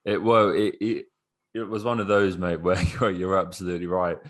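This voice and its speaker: A man co-hosting a casual football podcast, excitable and swearing freely. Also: sits low, normal speed. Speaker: podcast co-host.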